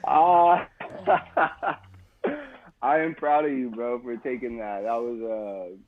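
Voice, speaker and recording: A man's voice: mid-range voice, slow pace, a little hiss or hum. A man co-hosting a casual podcast from his kitchen at home over a remote call, with laid-back slangy banter and frequent laughs. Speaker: co-host. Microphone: remote call audio. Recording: tinny phone-like remote line.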